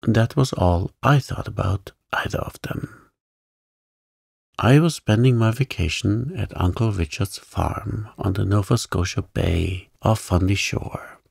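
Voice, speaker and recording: A man narrating a bedtime story in a soft, soothing, gentle way. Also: fairly low pitch, unhurried, vocal fry, husky, no echo, studio quality.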